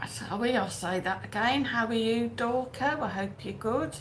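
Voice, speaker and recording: A livestream host, outdoors or at home in Benidorm, casually greets viewers by name and chats through their comments. Her voice is a little high with lively intonation, unhurried yet with hardly any pauses. The audio is poor, with faint background noise.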